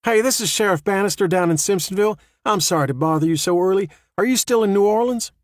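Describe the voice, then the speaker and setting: A woman's voice: mid-range voice, fast talker, no room sound, clean studio sound, voice pushed up, close to an everyday voice. A man voicing a rattled small-town woman sheriff, who talks in a shaky, stammering way in an audiobook. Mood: shaken.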